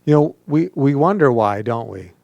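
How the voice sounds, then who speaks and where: Gravelly-voiced male pastor preaching. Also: medium pitch, animated, normal speed, mellow, no room sound, muffled recording. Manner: coaches the audience to speak aloud and mimics whiny questions. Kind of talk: interactive sermon.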